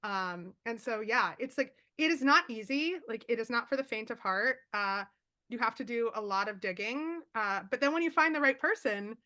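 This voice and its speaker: A woman author on a video call, telling stories quickly and animatedly with lots of fillers. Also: a little high. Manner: fast, animated storytelling with many fillers. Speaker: author guest. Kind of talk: casual chat.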